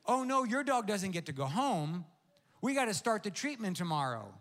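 Male preacher as a brisk, no-nonsense shelter worker woman, slightly raised voice. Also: high-pitched, very animated, a bit bright. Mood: blunt. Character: blunt female shelter worker, matter-of-fact.

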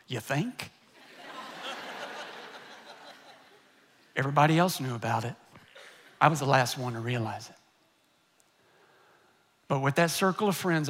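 Middle-aged pastor, high tenor voice, animated sermon storyteller who drops to a hush for effect. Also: male voice. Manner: animated storytelling, swinging between loud and hushed.

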